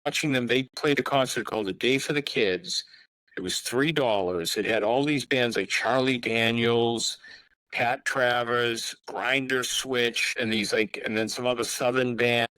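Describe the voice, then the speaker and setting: A man's voice: mid-range voice, steady tone, unhurried, sharp tone, no echo, low-quality recording. A man in his sixties, a guest musician in a casual podcast interview, telling rambling anecdotes full of asides.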